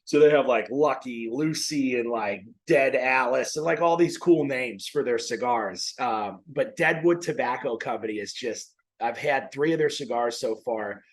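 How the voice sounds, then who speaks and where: Male podcast host, mid-pitched, loose rambling delivery with restarts, a bit winded. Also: normal speed, hardly any pauses, rough recording. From Maine. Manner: rambling, self-correcting. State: a little out of breath. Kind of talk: casual faith talk.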